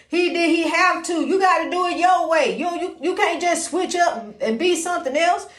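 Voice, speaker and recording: A woman's voice: sits high, a bit bright, reverberant. A woman hosting her own podcast, talking in a folksy, rambling way full of "you know" while giving faith-based encouragement. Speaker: podcast host. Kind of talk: casual inspirational talk.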